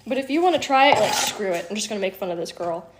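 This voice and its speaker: This woman hosts a cooking livestream from her home kitchen, talking fast in a mid-range voice with lively intonation. Onions have her teary, she laughs often and swears occasionally, and there's noise in the background.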